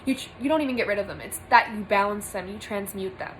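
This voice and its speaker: A woman's voice: mid-range voice, fast talker, background noise. A young woman giving an earnest spiritual monologue to camera from a small room, emphatic and repeating phrases for stress. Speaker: spiritual vlogger.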